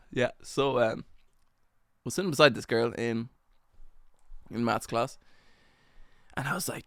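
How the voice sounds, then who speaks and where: A man's voice: medium pitch, animated, normal speed, creaky, no echo, studio quality. A young man hosting a solo podcast, telling a story in a rambling, self-mocking way with lots of slang and fillers. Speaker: podcast host.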